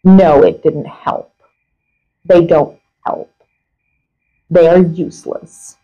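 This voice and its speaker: Husky-voiced woman reading with dry wit. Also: on the low side, steady tone, slow pace, highs cut off. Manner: dry, wry reading with bursts of laughter. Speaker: podcast co-host. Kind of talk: casual chat, reading aloud from a booklet.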